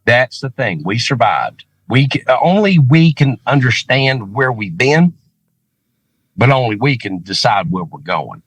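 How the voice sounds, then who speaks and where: A man's voice: mid-range voice, big pitch swings, measured pace, breathy edge, dry recording. A man with a thick Southern accent, a rock singer talking earnestly and emphatically on a video call as a guest. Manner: earnest, emphatic, repeats himself for stress. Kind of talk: casual conversation on a video call.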